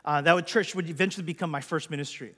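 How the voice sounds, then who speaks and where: Male pastor, high voice, earnest testimony, long hall reverb. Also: steady tone, very fast, bright, forceful tone. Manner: earnest, conversational storytelling. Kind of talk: personal testimony to a congregation.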